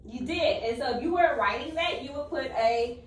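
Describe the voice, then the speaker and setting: High-voiced woman teacher in an echoey classroom. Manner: encouraging, quizzing children with quick praise. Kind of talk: classroom lesson with young children. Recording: echoey room, distant mic, faint background noise.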